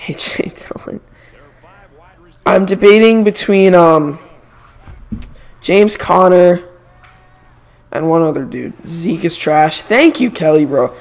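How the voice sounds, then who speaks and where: A man's voice: sits high, takes it slowly, vocal fry, pauses often. A young man streaming a video game, chatting casually and giving opinionated sports takes. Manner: opinionated, animated sports banter. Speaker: gaming streamer. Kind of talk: casual chat while playing a video game.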